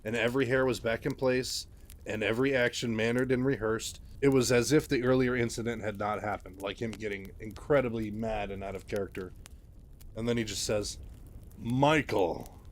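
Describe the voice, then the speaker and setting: Male host narrating game lore: relaxed, chatty, unpolished. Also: on the low side, fairly quick. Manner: loose, chatty, frequent fillers. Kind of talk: casual retelling of game lore.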